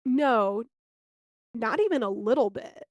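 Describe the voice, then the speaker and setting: Higher-voiced woman telling candid stories. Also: slow, dry recording. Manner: animated, candid storytelling with swearing. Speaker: podcast co-host. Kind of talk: casual chat.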